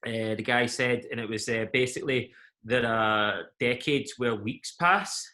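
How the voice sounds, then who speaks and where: A man's voice: medium pitch, unhurried, bright, forceful tone. A young man with a Glaswegian Scottish accent, answering interview questions as an event company head, with many fillers and easy laughter. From Scotland.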